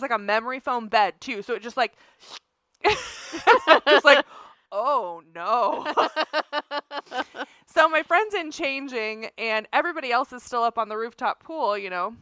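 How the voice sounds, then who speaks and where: Woman co-host, animated storyteller who laughs often; bright, clean voice, dry close sound. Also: on the high side, clear, resonant tone, no room sound. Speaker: podcast co-host. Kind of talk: casual chat.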